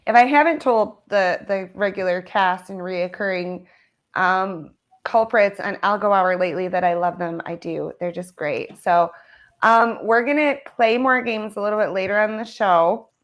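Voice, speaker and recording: A woman's voice: medium pitch, a bit bright. A woman hosting a livestream show in casual, upbeat chat, often laughing. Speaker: show host.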